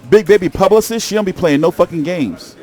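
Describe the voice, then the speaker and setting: A young man chatting casually on a stream about boxing, excitable and profane, often repeating himself. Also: high voice, brisk. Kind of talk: casual live-stream chat.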